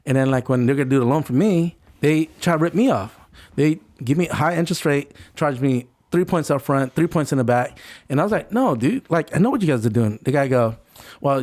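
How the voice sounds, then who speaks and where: A man's voice: mid-range voice, a little mellow. A man in his forties, telling a story in a casual interview and acting out other people's lines. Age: 40s. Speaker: podcast guest.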